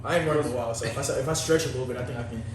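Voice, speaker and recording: A male podcast co-host chats casually, rambling and slangy in a laid-back way. His mid-range voice is very fast, and he's recorded from a distance, off-mic in an echoey room with faint noise.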